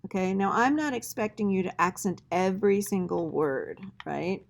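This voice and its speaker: A woman teacher with a mid-range, somewhat creaky voice walks students through an assignment in a screen-recorded tutorial. She speaks at a moderate pace, conversationally, often checking in with "all right?"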